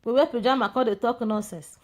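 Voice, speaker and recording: A woman's voice: fairly high pitch, fairly quick. A woman with a Nigerian Pidgin English accent in a rambling, mocking monologue, confronting a rival and chatting to her viewers. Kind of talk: casual ranting monologue.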